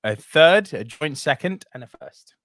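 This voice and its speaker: A man's voice: a little high, expressive, unhurried, a bit bright. A man co-hosting a casual movie podcast, jokey, laughing often and swearing freely. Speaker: podcast co-host. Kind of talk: casual chat.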